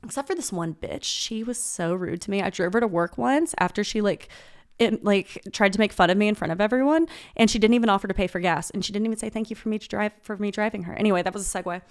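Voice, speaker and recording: A young woman in her twenties sits in as a podcast guest and tells a story in a casual, animated way. She swears freely and laughs along with herself. Her pitch sits in the middle range for a woman. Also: fast.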